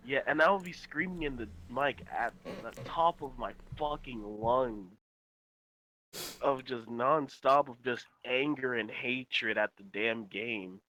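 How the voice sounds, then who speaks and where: A young man with a bright, forceful voice rambles through a gaming story on a casual podcast. He swears freely, restarts his sentences and piles on fillers. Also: medium pitch, slow pace, poor audio. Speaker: podcast co-host. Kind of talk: casual chat.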